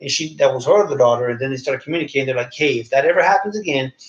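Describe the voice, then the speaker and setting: In rapid-fire fashion, a male podcast co-host spins a story in casual chat, performing the voices of the people he quotes. The low-fi audio sounds dull and roomy.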